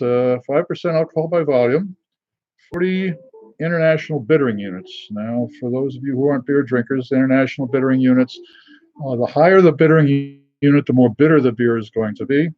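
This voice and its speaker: A middle-aged man hosting a live beer tasting stream, chatting casually with many pauses and fillers and greeting viewers by name. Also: mid-range voice, a little mellow, highs cut off.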